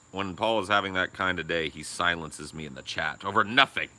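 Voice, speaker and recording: A man on a podcast rambles in casual, profane chat, his voice strikingly bright and edgy. He sits a little low in pitch and bursts into loud laughs between thoughts. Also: animated, moderate pace. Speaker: podcast co-host.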